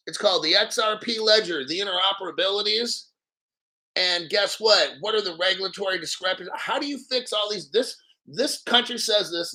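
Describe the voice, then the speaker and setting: A man with a bright, forceful voice, pitched a little above most men, hosts his own crypto show. He rants in crude, profane commentary, swings into sarcasm, and mocks his critics. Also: poor audio. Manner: reads articles aloud slowly, mocks others in silly voices.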